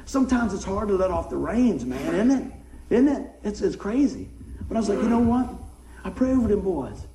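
A middle-aged man preaching a folksy sermon, swinging from soft asides to excited shouts. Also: high-pitched, a little fast, echoey room, noisy background. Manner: folksy, animated, rises to excited shouts then drops soft. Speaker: pastor. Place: church sanctuary.

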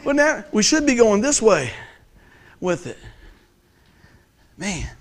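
A middle-aged man preaching a sermon as pastor, animated and joking, telling stories and acting out voices. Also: high-pitched, slow pace. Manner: animated, joking storyteller who acts out voices.

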